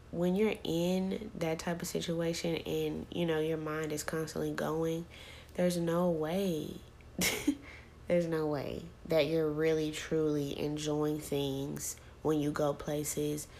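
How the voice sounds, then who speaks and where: A woman's voice: deep voice, darkish tone, slight background noise. A woman hosting a parenting podcast, talking in a casual, chatty rant with many fillers and repeated words. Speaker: podcast host.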